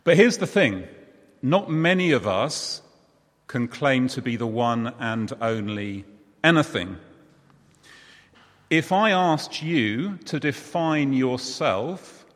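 A man's voice: mid-range voice, animated, slow, fairly bright tone, big-room sound. A man preaching in a chatty way, talking with the congregation. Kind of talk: sermon.

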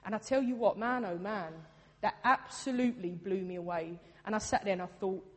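A woman's voice: mid-range voice, brisk. A woman preaching a sermon in a casual, earnest way, repeating her points for emphasis. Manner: earnest, conversational, with emphatic repetition. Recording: long reverb of a hall.

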